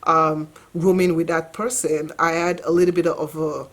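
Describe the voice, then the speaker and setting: Vlogger, woman in her 40s, lower register, reflective storyteller. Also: little pitch movement, moderate pace. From Nigeria. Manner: reflective, earnest, conversational with fillers. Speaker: vlogger and mother. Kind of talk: personal storytelling to camera.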